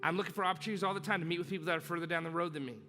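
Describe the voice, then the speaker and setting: A male pastor preaching a sermon, repeating key lines and rising to loud, emphatic urging. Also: high-pitched, steady tone, very fast. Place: church hall. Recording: long church reverb with music behind.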